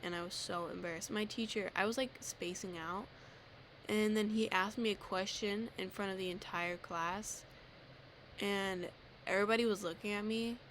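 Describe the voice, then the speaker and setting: Teen girl, casual rant, rambling, self-deprecating, mid-pitched voice, faint background hum. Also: steady tone, moderate pace, a bit bright. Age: teens. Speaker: vlogger.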